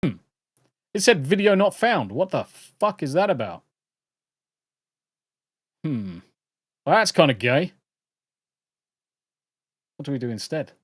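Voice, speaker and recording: A man's voice: mid-range voice, dry recording. British man, livestream host, rambling, jokey, swearing, dry close mic. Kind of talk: casual livestream chat.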